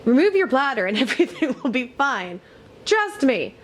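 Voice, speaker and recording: A woman with a fairly high voice reads social media posts aloud in a plain, matter-of-fact way. The reading is part of a casual commentary video. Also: very animated, normal speed, slight background noise.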